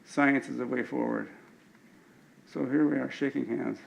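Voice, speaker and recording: A man's voice: mid-range voice, steady tone, normal speed, vocal fry, dull audio, slight background noise. An older man giving an anecdotal lecture with slides at an alumni event, often stumbling and restarting his words.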